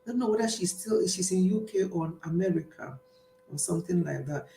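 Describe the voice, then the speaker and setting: A Nigerian woman hosting a casual live stream, chatting and answering her viewers' comments as they arrive, with a warm Nigerian accent and frequent bursts of laughter. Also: on the low side, fairly quick, creaky, slight background noise. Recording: roomy echo.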